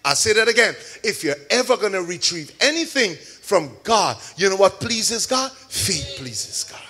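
Very high-voiced, bright male preacher. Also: sing-song, normal speed, husky. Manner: call-and-response, shouting key words; homely store examples, chatty asides. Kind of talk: sermon. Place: church service with a congregation.

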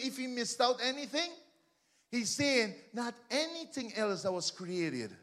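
A man preaching a sermon as pastor, building fervently to shouted refrains between joking asides to the congregation. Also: fairly high pitch.

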